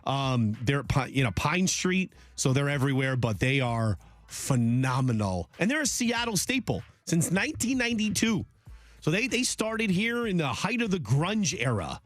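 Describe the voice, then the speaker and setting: A man hosting a sports radio talk show, rambling and joking in a loose, animated way. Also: on the high side, normal speed, no echo. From Polish heritage.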